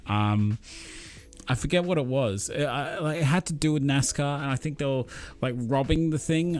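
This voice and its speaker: Easygoing man rambling on a stream. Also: medium pitch. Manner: rambling, easygoing, many ums and trailing-off thoughts. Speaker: streamer chatting with viewers. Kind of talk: casual live-stream chat.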